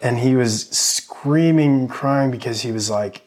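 A man's voice: mid-range voice, measured pace, few pauses, a little mellow. A man in his thirties, a podcast guest, talking earnestly and casually about faith with many fillers. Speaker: podcast guest, army medic veteran.

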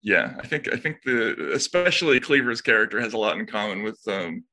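A man's voice: fairly low pitch, fairly quick. A middle-aged man co-hosting a podcast, chatting casually with a wry, teasing manner. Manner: wry, teasing, lively storytelling. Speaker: podcast co-host. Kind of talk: casual chat.

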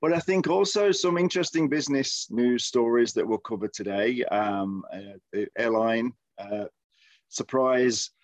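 English Midlands man, halting chat. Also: mid-range voice, dry recording. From Midlands, England. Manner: hesitant, many fillers and restarts. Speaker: podcast co-host. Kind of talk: casual chat. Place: lives in Texas.

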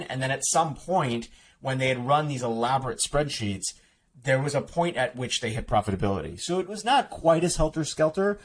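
A man speaks as the guest author on a podcast, in a mid-pitched voice. He rambles quickly and starts sentences over and over. A faint hiss sits under the recording. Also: animated. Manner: fast, rambling, many restarts and "like" fillers. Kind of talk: podcast interview.

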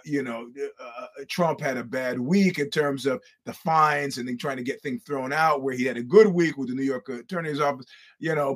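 A man hosting a podcast, telling a long profane story in a casual monologue and acting out what people said. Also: mid-range voice. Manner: profane, animated storytelling with acted-out quotes. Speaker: podcast host.

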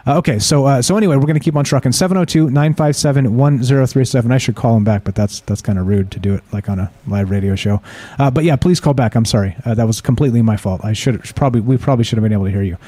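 A man's voice: medium pitch, racing, warm tone, no room sound. A man hosting a live call-in radio show, talking casually and reading stories aloud, rambling with many fillers and restarts.

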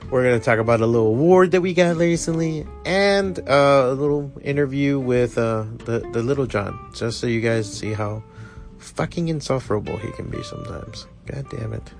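A man's voice: medium pitch, animated, normal speed, gravelly, over music. A middle-aged man with a Miami accent hosting his own podcast from his studio, rambling and swearing casually. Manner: rambling, profane, self-deprecating. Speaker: podcast host and comic shop owner. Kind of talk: casual solo podcast talk.

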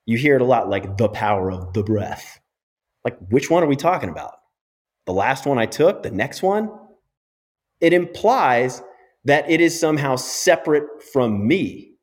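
A middle-aged man, a physiotherapist guest on a podcast interview, explaining in an animated and emphatic way. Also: mid-range voice.

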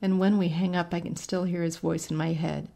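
A woman's voice: on the low side, level tone, fairly quick, vocal fry, mellow. A woman narrating a first-person short story in a conversational, wry storytelling manner. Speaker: story reader.

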